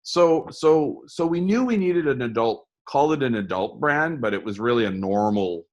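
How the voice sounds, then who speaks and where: Animated middle-aged man telling stories. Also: medium pitch, normal speed, muffled recording. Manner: animated storyteller, repeats and restarts words. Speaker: game designer interviewed. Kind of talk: storytelling interview talk.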